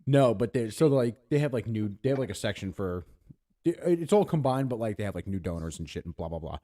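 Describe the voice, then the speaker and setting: A man's voice: fairly low pitch, lively intonation, fairly quick, dark tone. A man from Pennsylvania in casual podcast chat, telling a rambling, profane story and acting out the people in it. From Pennsylvania, USA. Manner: rambling, profane, acts out voices in his stories. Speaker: podcast co-host.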